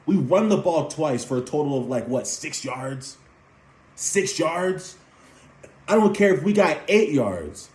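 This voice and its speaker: A man's voice: fairly high pitch, sing-song, unhurried, a little mellow. A young man and former player ranting as a fan about his team's penalties, repeating points with heat and emphasis. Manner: heated, repetitive, emphatic. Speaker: sports commentator. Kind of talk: fan sports rant. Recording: roomy echo.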